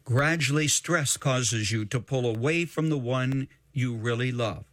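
A man reads a prepared radio commentary in a steady, unhurried voice. He sits in the middle pitch range. The studio sound is close and dry, with no room echo.

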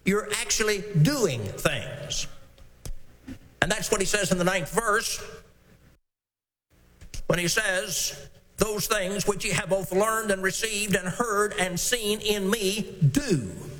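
A man preaching an expository sermon, slow and emphatic as he works through scripture verse by verse. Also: sits high, pushed and bright. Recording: long reverb in a hall, faint ambience.

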